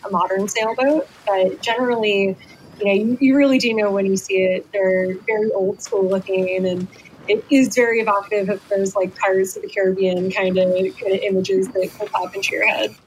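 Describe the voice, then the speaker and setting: A woman's voice: mid-range voice, rough recording. Casting: woman, tall ship expert, loose conversational explaining, faint background noise. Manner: conversational, many fillers. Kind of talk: recorded interview explanation.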